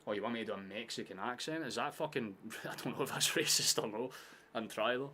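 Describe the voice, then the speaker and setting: A man hosting a live football watchalong, chatting casually, swearing often and shouting at big chances. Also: medium pitch, fast.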